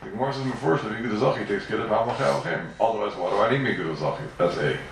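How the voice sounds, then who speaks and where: A man's voice: fairly low pitch, lively intonation, racing, creaky, slight background noise. A man giving an emphatic Talmud lecture full of questions and repeated phrases. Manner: questioning, sing-song and emphatic, with many repeats. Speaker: Talmud teacher. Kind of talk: fast yeshiva-style Talmud lecture. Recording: roomy echo, voice from far off the mic.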